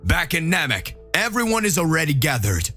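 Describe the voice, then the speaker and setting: Gravelly man narrating a fan story. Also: on the high side, sing-song, moderate pace, bright, forceful tone, faint music behind. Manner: dramatic storytelling.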